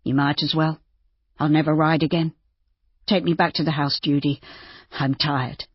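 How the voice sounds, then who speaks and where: A bitter, despairing young man with a low, husky voice, voiced by a woman narrator. He speaks slowly and flatly, and the recording sounds dry and a little dull. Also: dry recording. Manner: slow, flat and weary.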